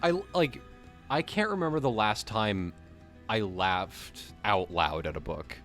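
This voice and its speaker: A man co-hosting a casual livestream chat, talking in an excitable, rambling way and laughing often. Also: lowish voice, measured pace, soft background music. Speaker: co-host.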